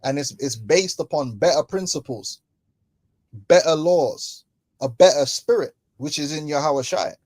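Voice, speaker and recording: In London, a man with a slightly high, mellow voice gives casual religious commentary, preaching in loose street slang, mocking his listeners and laughing between points. He speaks a little slowly, and the sound is close and dry with no room sound.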